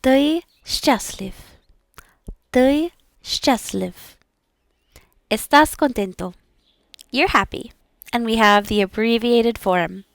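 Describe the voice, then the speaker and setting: Slow careful woman drilling words. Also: fairly high pitch, creaky, dry recording. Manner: careful, repeats each word several times, explains sounds; self-effacing and encouraging. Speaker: language learner practicing aloud. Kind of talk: slow pronunciation practice, repeating words.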